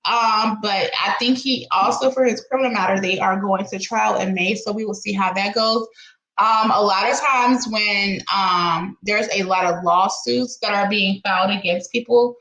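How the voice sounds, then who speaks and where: A woman doing a casual live-stream commentary, reading out court papers and reacting with loud exclamations and laughs. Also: medium pitch, moderate pace, roomy sound, rough recording. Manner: animated, exclaims 'girl' often, laughs.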